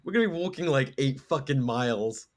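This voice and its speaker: A man's voice: mid-range voice, expressive, fairly quick. A man hosting a podcast in casual chat, teasing and swearing, laughing often. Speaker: podcast host.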